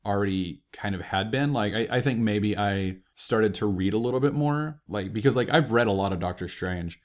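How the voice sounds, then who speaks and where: Deep-voiced excitable man telling stories. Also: moderate pace. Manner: excitable storyteller, heavy use of "like". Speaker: podcast guest. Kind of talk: casual interview chat.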